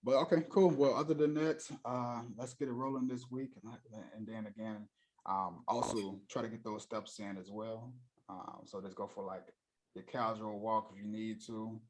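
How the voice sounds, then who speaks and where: A male coach runs a check-in over a video call in a fairly low voice. He sounds upbeat and encouraging and keeps moving things along with quick "okay, cool" wrap-ups. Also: steady tone, darkish tone. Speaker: nutrition coach.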